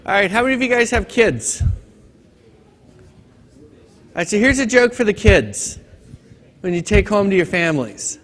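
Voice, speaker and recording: Chatty high-voiced male instructor. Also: lively intonation, moderate pace, long pauses, a bit bright. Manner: casual, chatty teaching with corny jokes. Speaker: training instructor. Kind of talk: classroom lecture. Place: conference training room.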